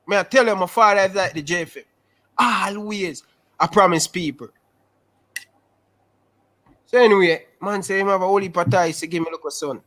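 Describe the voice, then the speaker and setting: A young man with a Jamaican Patois accent, telling his life story in a casual interview over a video call, animated and repetitive. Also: high-pitched, normal speed. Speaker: interview guest.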